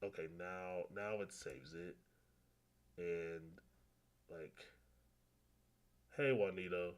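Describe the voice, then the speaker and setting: A man chatting casually on his gaming livestream, rambling and slangy and often excitable, with frequent laughter. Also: low voice, slow, long pauses.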